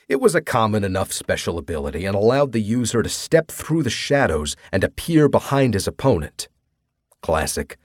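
A man's voice: deep voice, dry recording, studio quality. A man narrating a first-person audiobook in a wry, casually profane manner.

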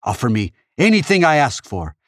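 A man's voice: medium pitch, big pitch swings, normal speed, no room sound, studio quality, pitched above the performer's own voice, lightly acted. A man voicing a vengeful, proud male swordsman, declaiming his lines in a raised, intense voice. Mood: defiant.

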